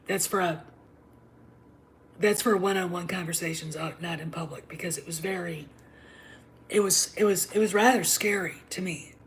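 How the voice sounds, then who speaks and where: A middle-aged woman hosting a livestream, talking in an emphatic, combative way and often dropping to a low whisper. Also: fairly even intonation, normal speed, long pauses. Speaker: show host. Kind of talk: opinionated livestream monologue.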